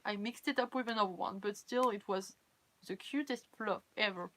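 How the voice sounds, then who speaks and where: A woman's voice: mid-range voice, moderate pace, a bit bright. A tired young woman with a French accent, a native French speaker, chatting casually on a live stream. She giggles often, reads viewers' comments aloud, and runs herself down. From France. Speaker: cosplay livestreamer.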